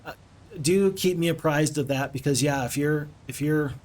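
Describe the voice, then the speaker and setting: A man live-streaming a strategy game, chatting with viewers in a casual, expressive way and exclaiming often. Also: fairly high pitch, moderate pace.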